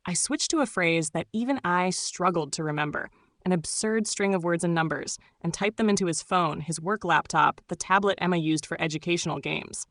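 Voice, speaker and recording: A woman narrating a first-person story in a measured, steady way. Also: lowish voice, no echo, studio quality.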